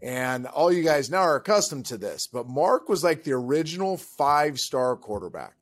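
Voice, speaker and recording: A man's voice: on the high side, expressive, moderate pace. A man hosting an interview, speaking in a conversational way with fillers like "um". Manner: conversational, fillers and throat clearing. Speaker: podcast host.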